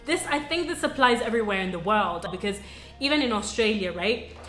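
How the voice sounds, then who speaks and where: A woman's voice: mid-range voice, lively intonation, a little fast, fairly bright tone. Earnest woman vlogger in a roomy space. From Sudan. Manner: earnest, reflective, conversational with frequent "you know" and "like". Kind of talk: personal storytelling to camera. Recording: roomy echo with faint music.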